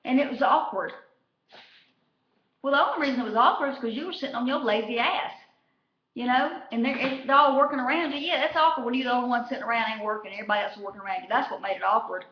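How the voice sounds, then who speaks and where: A woman's voice: on the high side, quick pace. A woman chatting casually about a reality show, profane and rambling, full of fillers. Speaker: vlogger recapping a reality show. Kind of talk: casual chat. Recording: echoey room, dull lo-fi sound.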